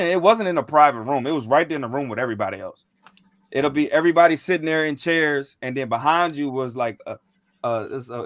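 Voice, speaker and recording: A man's voice: mid-range voice, no room sound. A young man in casual chat, telling a rambling, slangy story with lots of fillers and restarts. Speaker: podcast co-host.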